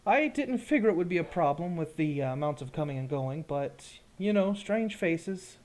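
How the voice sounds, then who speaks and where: Brief: man playing a stern male gate guard, polite-threatening, pitched up. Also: lively intonation, normal speed, darkish tone, natural voice. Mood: dismissive. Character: wary male keep guard, stern and watchful. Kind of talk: tabletop game character voice.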